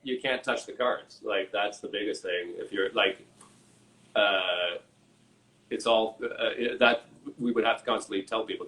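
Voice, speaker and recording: A man, an actor and improviser, chatting as a guest over a video call, relaxed with many fillers. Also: fairly low pitch, unhurried, a little hiss or hum, rough recording. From Canada. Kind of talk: casual chat.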